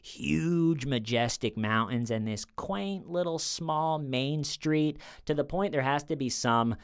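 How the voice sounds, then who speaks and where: A man's voice: medium pitch, unhurried, clean tone. A man in his thirties, a comedian, casually telling a rambling true-crime story at home, often restarting his sentences. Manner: rambling, with many restarts, acting out quoted people.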